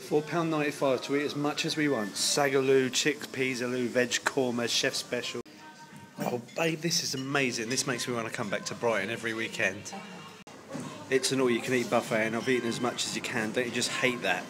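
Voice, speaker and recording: A man's voice: mid-range voice, a little fast, over music. A young man casually vlogging a day out, chatty and teasing, filmed on a handheld camera in windy seaside streets. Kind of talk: casual vlog narration. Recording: windy outdoor noise, traffic.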